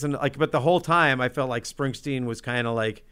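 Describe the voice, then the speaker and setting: A man casually telling a personal story about being a musician, in an excitable, self-deprecating way with lots of "like". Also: mid-range voice, a little fast, clear, resonant tone.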